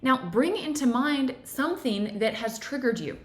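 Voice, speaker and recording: Animated woman teaching in an echoey room. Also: high-pitched, normal speed. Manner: conversational, keeps asking "right?". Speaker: self-help teacher. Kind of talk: guided teaching talk.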